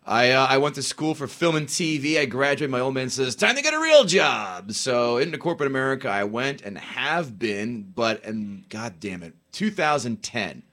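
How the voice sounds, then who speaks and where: Forties male comic from New Jersey, mid pitch, crude and jokey, chatty podcast guest. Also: moderate pace, few pauses, a bit bright. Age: 40s. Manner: profane, joking storyteller. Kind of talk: casual podcast chat.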